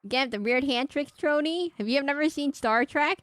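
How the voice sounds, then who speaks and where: A woman's voice: sits high, moderate pace, no room sound, clean studio sound. A young woman, a VTuber streamer, chatting through live gameplay commentary and exclaiming as she reads game dialogue aloud.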